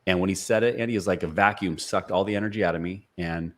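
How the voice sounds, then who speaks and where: A very low-voiced man in his forties sits as a podcast guest. He tells stories in an earnest, motivational way, often restarting his sentences and leaning on fillers. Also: quick pace. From Seattle area. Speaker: podcast guest, sales speaker and author. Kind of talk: conversational storytelling interview.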